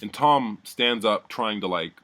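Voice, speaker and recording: A man's voice: lowish voice, measured pace, sharp tone. A man giving a heated, profane recap of a reality show, talking animatedly and mimicking the people he describes. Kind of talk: heated casual recap rant.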